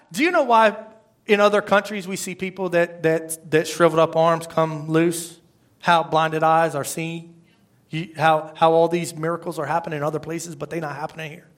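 A male pastor delivering a sermon in a drawl. His voice sits a little higher than most men's. He talks to the congregation in a chatty way full of rhetorical questions, then slows right down for scripture. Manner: animated, conversational preaching with rhetorical questions; slows to a measured pace when reading scripture.

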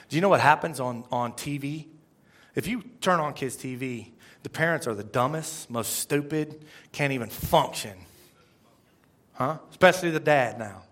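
A man's voice: medium pitch, a bit bright. A man preaching a conversational sermon, often asking the congregation questions. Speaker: pastor.

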